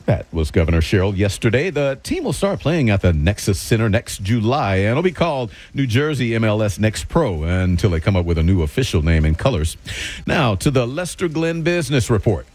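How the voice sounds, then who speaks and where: A man hosting radio, reading the news in a relaxed, lightly joking way. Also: on the low side, fairly quick. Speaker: radio host and newsreader.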